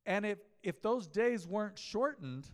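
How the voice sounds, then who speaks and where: Chatty pastor in a reverberant church hall. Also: male voice, sits high, expressive, unhurried. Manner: conversational, storytelling, asks the congregation questions. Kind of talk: mid-week sermon. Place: church sanctuary.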